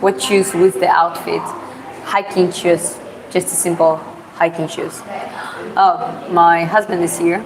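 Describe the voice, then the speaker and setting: A woman's voice: lowish voice, level tone, unhurried, crowd noise, low-quality recording. A woman from Georgia with a Georgian accent, a non-native English speaker chatting casually with viewers in a rambling, filler-heavy way. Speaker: vlogger streaming live. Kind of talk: casual chat answering viewer questions. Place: walking outdoors on city streets.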